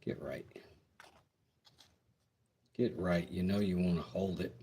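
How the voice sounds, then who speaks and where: Slow, laid-back man chatting at his workbench. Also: deep voice, warm tone, slight background noise. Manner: laid-back, joking, reads chat aloud. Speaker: maker streaming a craft project. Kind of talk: casual live-stream chat while working.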